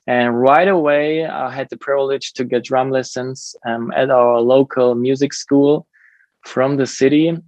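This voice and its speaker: A man's voice: medium pitch, steady tone, measured pace, a little mellow, no echo, muffled recording. A man from Germany with a German accent, a drummer and drum teacher, talking earnestly as a podcast guest in a drum lesson room. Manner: friendly, earnest, many fillers. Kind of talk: casual interview conversation.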